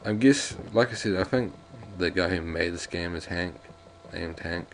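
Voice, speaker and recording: Man, deep low voice, jokey rambling game commentary, faint hiss behind. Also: moderate pace. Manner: rambling, jokey, restarts often. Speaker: let's play commentator. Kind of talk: casual gameplay commentary, reading game text aloud.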